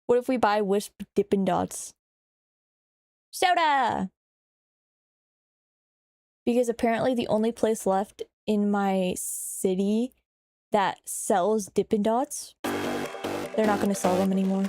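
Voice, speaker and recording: A young woman streamer in casual live-stream chat, excitable and chatty, swearing and teasing her viewers. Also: medium pitch, measured pace, no room sound, studio quality, faint music behind.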